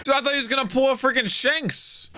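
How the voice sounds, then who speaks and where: A young man hosting a casual anime reaction, talking to himself and breaking into loud excited outbursts. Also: very high voice, quick pace, loud music behind the voice.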